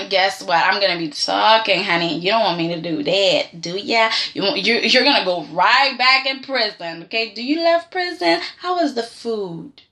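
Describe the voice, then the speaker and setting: A woman's voice: medium pitch, sharp tone, voice pushed down. A woman voicing a defiant, taunting soap-opera mother who mocks her rival in a sassy, drawled tone.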